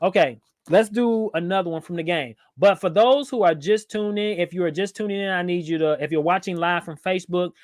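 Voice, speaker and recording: A man's voice: high voice, fairly quick, few pauses, no echo, studio quality. Playful man hosting a livestream. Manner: playful, reads viewer comments aloud, laughs often. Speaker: livestream host. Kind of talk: casual livestream chat.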